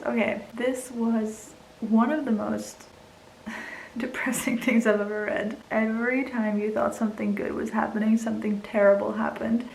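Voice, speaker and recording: A woman's voice: fairly high pitch, creaky, roomy sound, slight background noise, poor audio. A young woman vlogging casually about a book she just read, emotional and teary, laughing often and dropping into whispers. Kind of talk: casual reading vlog.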